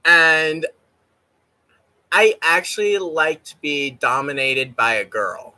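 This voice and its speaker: A man's voice: on the high side, slow pace, bright, forceful tone. A man chatting casually on a livestream, rambling and giggly and swearing freely. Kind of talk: casual stream chat.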